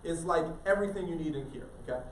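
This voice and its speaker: A man speaking to students as a motivational speaker, playful and jokey, tossing questions to the crowd. His voice sits a little high. It rings through an echoey school auditorium, picked up from far off with a faint hiss. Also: fast. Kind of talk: live speech to students.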